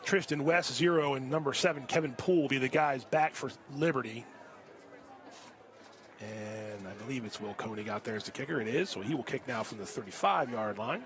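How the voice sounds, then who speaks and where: A man calling a high school football game play by play, getting louder and higher on big plays. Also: fairly quick. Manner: rises sharply in pitch and volume on big plays. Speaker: play-by-play announcer. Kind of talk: live sports commentary. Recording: crowd and music behind. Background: crowd and music.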